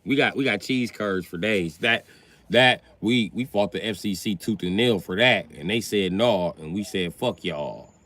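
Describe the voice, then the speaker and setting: A man's voice: fairly low pitch, normal speed, fairly bright tone. A man hosting a livestream, ranting crudely and teasing his chat as he riffs off their comments. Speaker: livestream host. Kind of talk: profane comedic rant to chat.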